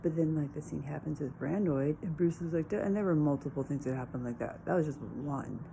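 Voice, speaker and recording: A woman's voice: deep voice, fairly quick, gravelly, mellow, slight background noise. A woman vlogging in a meandering, spiritual, musing way full of fillers, recorded on a phone. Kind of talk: rambling casual vlog.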